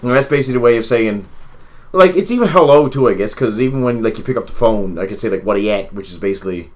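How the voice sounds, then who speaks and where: A man's voice: medium pitch, expressive, fast talker. A young man with a Newfoundland accent co-hosting a casual podcast, telling rambling, profane, joking stories. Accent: Newfoundland English. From Newfoundland, Canada. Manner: rambling, profane, jokey storytelling. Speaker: podcast co-host. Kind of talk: casual wrestling podcast chat.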